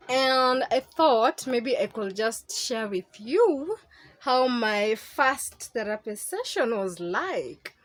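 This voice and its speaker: A woman's voice: a little high, very animated, slow, rough recording. A young woman with a Kenyan accent, chatting candidly to camera in a casual vlog and slipping into Swahili slang. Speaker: vlogger.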